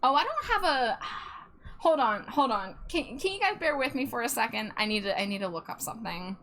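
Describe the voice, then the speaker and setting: A woman's voice: fairly high pitch, lively intonation, brisk, a bit bright. A woman streamer chatting casually while she draws, muttering to herself as she works. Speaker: streamer and digital artist. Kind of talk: casual livestream chat while drawing.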